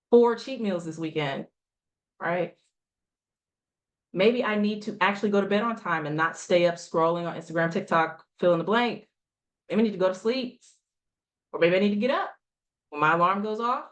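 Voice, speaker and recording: A woman coaching a group, speaking emphatically, asking rhetorical questions and repeating lines for effect. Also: mid-range voice. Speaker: health coach. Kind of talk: motivational coaching talk.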